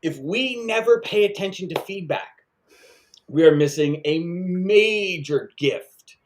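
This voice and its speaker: A man's voice: sits high, slow pace, a little hiss or hum. A man co-hosting a casual sales podcast, talking with energy and repeating points for emphasis. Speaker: podcast co-host.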